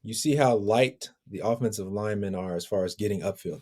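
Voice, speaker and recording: Man, guest analyst, football film breakdown, deep voice, mellow tone, measured. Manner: measured, analytical, chuckles between points.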